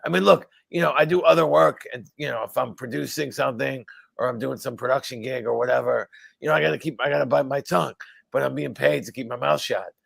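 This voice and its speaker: East coast comedian guy, super gravelly deep voice, dead dry sound, deadpan. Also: fast talker, dry recording. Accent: East Coast American. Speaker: comedian guest. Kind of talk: casual interview chat.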